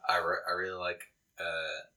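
A man co-hosting a podcast, talking in a relaxed, rambling way. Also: sits low, normal speed, rough recording. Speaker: podcast co-host. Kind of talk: casual chat.

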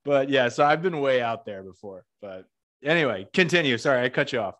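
A man's voice: medium pitch, lively intonation, fairly quick, a bit bright. A man from Massachusetts hosting an interview, talking casually and rambling with lots of fillers and side stories. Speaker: podcast host interviewing a filmmaker.

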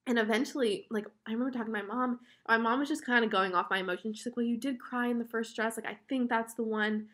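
A woman's voice: a little high, steady tone, quick pace, fairly bright tone. A young woman hosting a podcast, telling a casual, chatty story and quoting herself a lot. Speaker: podcast host.

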